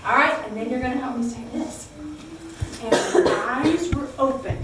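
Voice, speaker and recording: A woman tells a Bible story to a group of children, her voice high and lively as she exclaims and coaxes them to repeat lines back. She is recorded from a distance in a very echoey room, with faint background noise. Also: normal speed, a crowd in the background. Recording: echoey room, heard from far off.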